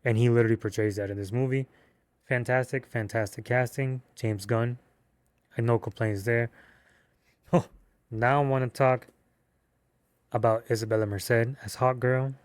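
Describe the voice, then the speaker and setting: A man giving a casual movie review, excitable and slangy, with cursing and rambling restarts. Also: medium pitch, moderate pace, long pauses, clear, resonant tone, dry recording.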